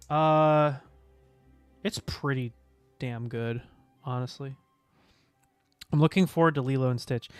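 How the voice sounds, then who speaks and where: A man streaming in a casual, chatty way, getting excited, gasping and humming little tunes. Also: medium pitch, dry recording. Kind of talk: casual chat.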